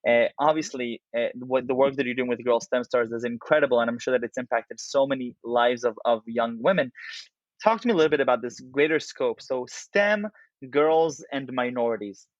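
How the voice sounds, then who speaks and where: A man hosting an interview, feeling his way through his questions with repeated words and restarts. His audio is dull and slightly muffled, and the sound is dry, with no room echo. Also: mid-range voice. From outside the United States. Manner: halting, restarts phrases while framing questions. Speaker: podcast host.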